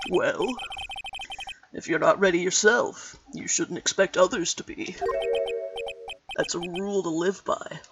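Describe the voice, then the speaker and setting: Arrogant drawling prosecutor, a woman's deepened voice, set back from the mic. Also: fairly even intonation, unhurried, long pauses, distant mic, muffled recording, loud music behind the voice. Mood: smug. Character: cocky, arrogant rookie male prosecutor. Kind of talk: fan voice-over of a game.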